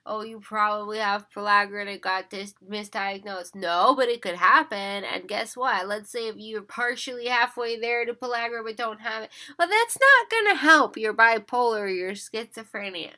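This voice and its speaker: A woman's voice: on the high side, normal speed, few pauses, sharp tone. A woman, talking to camera in a casual monologue, tired and yawning, earnest and pleading, repeating and restarting her words. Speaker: vlogger.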